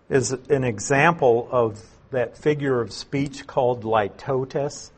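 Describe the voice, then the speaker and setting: Slow, husky-voiced man teaching scripture. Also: mid-range voice. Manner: unhurried, explains terms and repeats key phrases. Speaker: Bible teacher. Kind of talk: expository Bible teaching.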